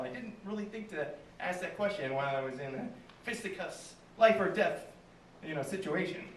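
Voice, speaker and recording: A man's voice: high voice, lively intonation, a little fast, fairly bright tone, a little hiss or hum. A man telling a stand-up story in a small venue, acting out quoted lines and laughing at his own jokes. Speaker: stand-up comedian. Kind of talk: stand-up comedy set. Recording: echoey room, mic heard from a distance.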